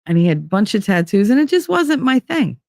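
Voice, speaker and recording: A woman's voice: medium pitch, big pitch swings, a little fast, gravelly, a little mellow, dry recording, clean studio sound. A woman hosting a podcast, chatting through a long personal story in a rambling way, full of "like" fillers. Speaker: podcast host. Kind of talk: casual storytelling monologue.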